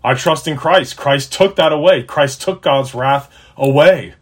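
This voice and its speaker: Husky-voiced man preaching earnestly. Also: fairly high pitch, measured pace. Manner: earnest, emphatic, rises and drops in loudness. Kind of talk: sermon-style teaching.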